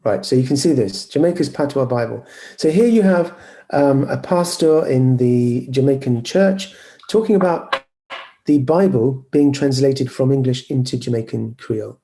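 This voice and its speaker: A man giving an online lecture over a video call, hesitant and halting, with fillers and restarts as he shares his screen. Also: medium pitch, gravelly, mellow.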